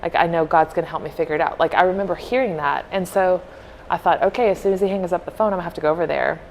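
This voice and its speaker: A woman co-hosting a podcast, telling a heartfelt story in an earnest, casual way and softly acting out what people said. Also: fairly low pitch, steady tone, very fast, creaky, a little hiss or hum, poor audio. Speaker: podcast co-host.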